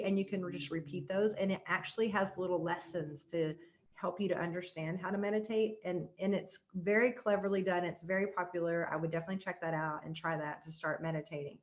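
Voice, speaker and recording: A woman tantra coach talking as a podcast guest, explaining in an earnest, flowing way and guiding calmly. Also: mid-range voice, brisk, slight background noise. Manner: calm soft-spoken guidance. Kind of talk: podcast interview chat.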